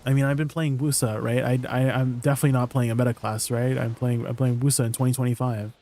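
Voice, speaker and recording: A young man talks fast while gaming live, ribbing his chat and acting as if he can't believe what they're saying. His medium-pitched voice is warm but moves very little in pitch.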